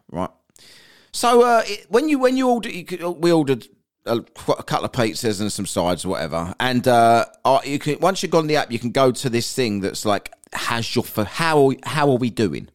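A man, a podcast host telling crude comic stories from daily life. He swears a lot and keeps checking in with "right?". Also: mid-range voice. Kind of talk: comic anecdote storytelling.

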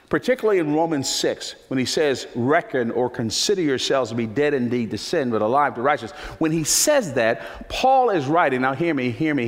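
A man preaching a sermon as pastor, emphatic, repeating key phrases for effect. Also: mid-range voice. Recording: long reverb of a large hall.

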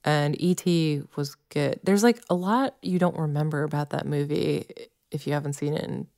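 This podcast co-host, a woman in her thirties, has a low, gravelly, darkish voice and talks at a moderate pace. Her casual chatter is sprinkled with plenty of "like" fillers.

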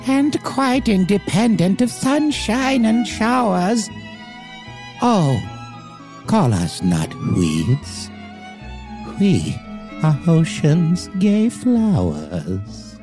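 A man putting on a weedy old man voice, reciting a poem in a slow, sing-song way. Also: high-pitched, huge pitch swings, darkish tone, faint music behind, pitched above the performer's own voice, exaggerated voice. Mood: theatrical.

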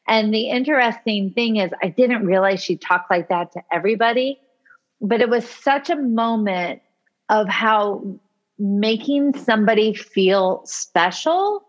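A woman co-hosts a podcast and tells a personal story with lively energy. Her voice sits at a middling pitch. The audio is a little dull and lo-fi. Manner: animated, acts out quoted speech. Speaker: podcast co-host. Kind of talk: casual storytelling chat.

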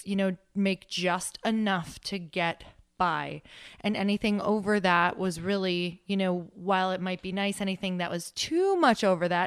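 A woman's voice: medium pitch, clean tone, no room sound, studio quality. A woman in her thirties, a guest on a podcast, talking openly and reflectively and laughing easily. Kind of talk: podcast interview.

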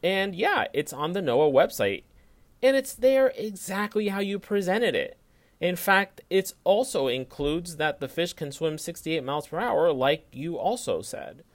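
This is a man co-hosting a podcast who delivers a prepared fact-check segment. He teases and needles his friends with sarcasm. His pitch moves around a lot as he reads. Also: animated, unhurried. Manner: teasing, sarcastic. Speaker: podcast co-host.

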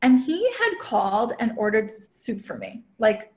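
A woman with a somewhat high voice tells a personal story as a guest on a chat show. She talks casually, packing her sentences with "like" and acting out little quoted lines from other people. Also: unhurried, crowd noise. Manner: chatty, heavy use of "like" fillers; quotes herself and others in lively asides. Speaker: podcast guest, relationship coach.

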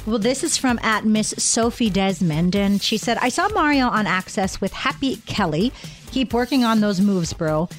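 A woman's voice: medium pitch, expressive, normal speed, soft background music. Playful woman co-hosting on radio. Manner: playful, giggly. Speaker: radio co-host. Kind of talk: casual radio banter.

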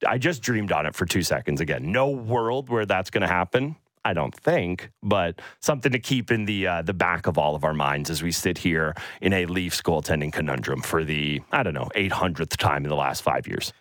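Playful male radio host with a low voice and a close, dry mic. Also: normal speed, hardly any pauses, fairly bright tone, dry recording. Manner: playful, breaks into mocking high voices for imagined quotes. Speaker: radio sports show host. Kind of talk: animated sports radio chat. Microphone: studio microphone.

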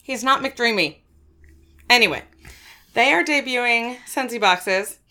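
A woman's voice: fairly high pitch, unhurried, pushed and bright. A young woman co-hosting a casual podcast, chatting with a giggly, digressive manner and reading sponsor spots. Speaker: podcast co-host.

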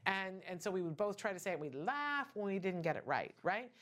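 A woman's voice: medium pitch, expressive, brisk, fairly bright tone. A middle-aged woman hosting a casual talk show, chatty and emphatic with many asides and rhetorical questions. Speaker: podcast host.

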